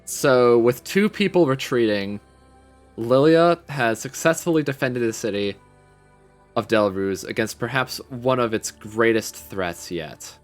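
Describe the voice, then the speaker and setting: A man's voice: mid-range voice, a little slow, faint music behind. Wry casual male game master. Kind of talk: running a tabletop game.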